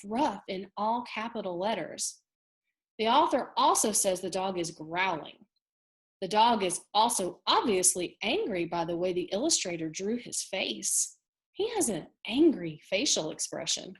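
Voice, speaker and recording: Lively-voiced woman teacher reading aloud. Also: mid-range voice. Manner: expressive, questioning, child-directed. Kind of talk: read-aloud reading lesson.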